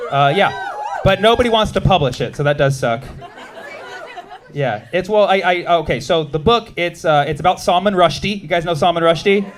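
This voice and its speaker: A man in his thirties, from the United States, doing a stand-up comedy set with quick, animated crowd work on a club stage. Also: a little high.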